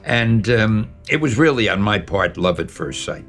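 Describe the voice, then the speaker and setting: Animated older man telling stories. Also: fairly low pitch, normal speed, faint music behind. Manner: animated, lively storyteller who acts out dialogue. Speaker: interviewee. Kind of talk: storytelling interview.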